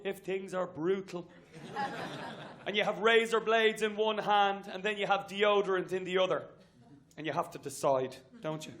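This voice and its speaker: An Irish man doing a stand-up set on a comedy stage. He talks briskly and chattily and works the crowd with asides. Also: sits high, fairly bright tone. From Ireland. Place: comedy venue stage with audience.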